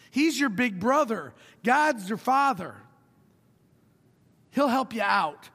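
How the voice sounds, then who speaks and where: A middle-aged male pastor preaching a sermon, telling a personal story with wry humor and moving between hushed and emphatic delivery. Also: extremely high pitch, sing-song, slow, gravelly, long pauses, in a large hall.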